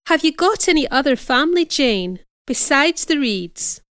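A woman voicing a gentle, concerned male doctor who asks questions kindly in a storybook reading. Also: high voice, sing-song, a little slow, dry recording, studio quality, pitched above the performer's own voice, full character voice.

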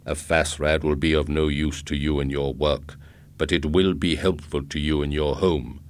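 A man voicing a huge robot salesman who speaks calmly and evenly. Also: dry recording. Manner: calm, measured, low.

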